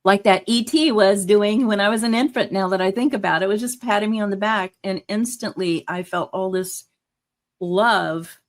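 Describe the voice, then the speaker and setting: A woman guest in a casual interview, talking earnestly and enthusiastically with many fillers. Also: mid-range voice. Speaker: guest, hypnotherapist.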